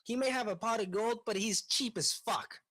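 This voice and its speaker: A young woman co-hosting a podcast, telling a childhood story in a relaxed, casual way, with frequent tag questions and swearing. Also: a little high, moderate pace. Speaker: podcast co-host. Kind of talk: casual chat.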